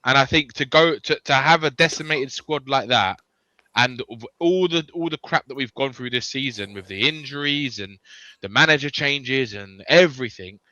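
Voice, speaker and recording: A man's voice: medium pitch, moderate pace, sharp tone, no echo, highs cut off. A man joining a live football chat as a guest, talking hesitantly with stammering restarts. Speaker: panel guest. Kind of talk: casual chat on a call.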